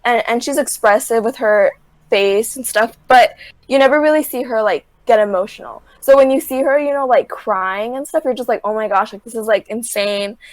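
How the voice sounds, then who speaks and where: A podcast guest, a young woman with a slightly high voice at a normal speed, casually retells a reality show on a dry recording. She fills her talk with "like" and tells the story animatedly, acting out what people said.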